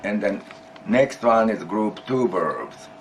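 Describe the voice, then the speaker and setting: A man's voice: fairly low pitch, expressive, takes it slowly, slight background noise. A man teaching a Japanese grammar lesson in English, explaining patiently, repeating key phrases and prompting his student to answer.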